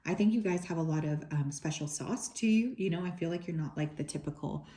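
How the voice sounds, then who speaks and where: A woman with a low, warm voice talks through a tarot reading for her viewers. She is relaxed and conversational, drifting into asides and filling pauses as she goes. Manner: relaxed and chatty, with frequent fillers and soft asides. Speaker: tarot reader.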